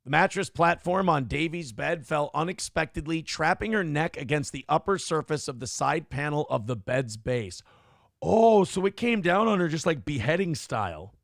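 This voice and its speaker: A man co-hosts a morning show in loose, profane banter. His gravelly voice sits a bit high and swings widely as he riffs. The sound is close and dry. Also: normal speed, no echo. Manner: profane, joking, animated riffing. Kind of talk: casual comedic banter.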